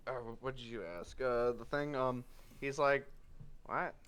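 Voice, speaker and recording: Bright-voiced laid-back game master. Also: male voice, medium pitch, steady tone, moderate pace, clear, resonant tone. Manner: casual, joking. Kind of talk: narrating a tabletop game.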